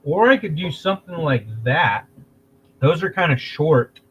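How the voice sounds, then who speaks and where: A man hosting a casual livestream, talking in a rambling, halting way, restarting phrases and clearing his throat. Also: on the high side, expressive, a bit bright, muffled recording, slight background noise. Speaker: livestream host.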